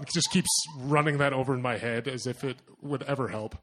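A young man telling a personal story to an audience, animated and self-mocking, acting out his own thoughts in asides. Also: medium pitch, quick pace, hardly any pauses. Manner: animated, self-mocking, lots of fillers and acted-out inner voices.

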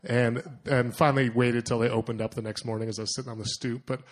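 A young man telling a personal story to an audience, animated and self-mocking, acting out his own thoughts in asides. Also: mid-range voice, fast talker. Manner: animated, self-mocking, lots of fillers and acted-out inner voices.

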